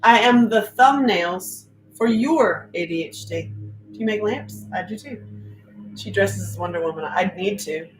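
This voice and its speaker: A woman's voice: mid-range voice, measured pace, reverberant, soft background music, low-quality recording. A middle-aged woman hosting a casual livestream, chatty and joking as she reads comments aloud. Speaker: livestream host.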